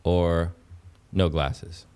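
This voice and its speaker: A man hosting a casual livestream, talking straight to his chat, excitable and repeating himself. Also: low-pitched, extremely slow. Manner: excitable, repeats phrases, talks to chat as "pups". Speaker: livestream host.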